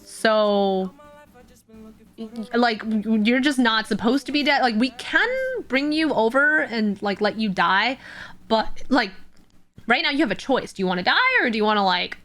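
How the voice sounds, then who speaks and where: Patient, halting spirit of death, voiced casually by a woman. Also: fairly high pitch, fairly bright tone, close to an everyday voice. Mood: explaining.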